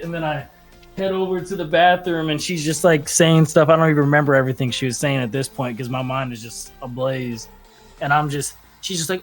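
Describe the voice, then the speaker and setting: A man's voice: a little high, fairly even intonation, moderate pace, soft background music. A young man telling a rambling story in casual chat, acting out quotes with laughs. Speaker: podcast guest or co-host.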